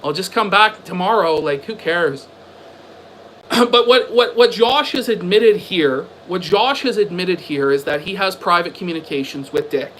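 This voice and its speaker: A man's voice: high-pitched, moderate pace, fairly bright tone, a little hiss or hum, rough recording. A man ranting on a livestream: combative, sarcastic and profane, firing off repeated rhetorical questions. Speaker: livestream commentator. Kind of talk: ranting stream commentary.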